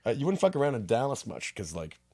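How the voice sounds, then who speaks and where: A man's voice: mid-range voice, very animated, quick pace, mellow, dry recording, studio quality. A man co-hosting a podcast, telling a story in casual chat and swearing freely. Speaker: podcast co-host.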